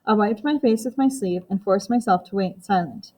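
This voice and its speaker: A woman reads a first-person novel aloud with steady, even storytelling. Her voice sits at a medium pitch for a woman, and she keeps the narration plain and measured. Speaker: audiobook narrator.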